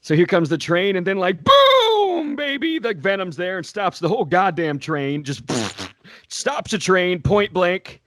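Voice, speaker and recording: A man's voice: high-pitched, big pitch swings, measured pace, sharp tone, heavily acted. A man putting on an old man voice as a podcast guest, laughing as he tells a story. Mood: storytelling. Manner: laughs through his own story. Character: slow-talking old man voice. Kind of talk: casual podcast chat.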